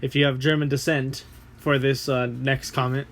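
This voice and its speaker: A man's voice: mid-range voice, flat delivery, normal speed, fairly bright tone, slight background noise. A man co-hosting a casual podcast, reacting with wry, teasing remarks. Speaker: podcast co-host. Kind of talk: casual chat.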